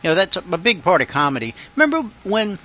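A man's voice: high voice, sing-song, fast, sharp tone, muffled recording. A man hosting a radio talk show, rambling and chuckling as he reminisces. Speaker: radio host. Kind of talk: casual talk radio chat.

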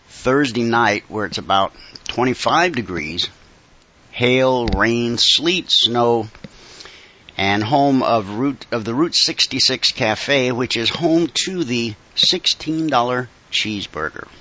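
A middle-aged man hosts a laid-back monologue, folksy and conversational, dropping wry asides while sounding a little stuffed up from a cold. His medium-pitched voice moves slowly and comes across pushed and bright, with the highs cut off.

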